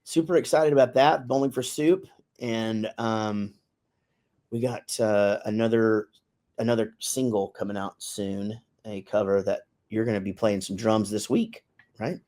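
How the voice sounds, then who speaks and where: A man's voice: fairly low pitch, fairly even intonation, a little slow, mellow. Rambling middle-aged man, casual chat. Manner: rambling, loose, swears casually. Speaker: podcast co-host.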